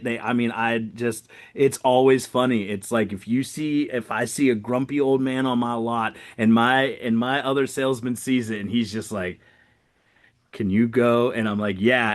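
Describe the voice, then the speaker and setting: A man, a car salesman co-hosting a podcast, telling stories in a wild, energetic way and acting out what people said with big jumps in pitch. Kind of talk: casual podcast conversation.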